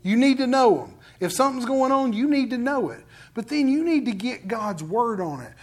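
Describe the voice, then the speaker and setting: A man's voice: extremely high pitch, animated, moderate pace. A man preaching a sermon in a conversational storytelling way, acting out what other people say. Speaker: pastor.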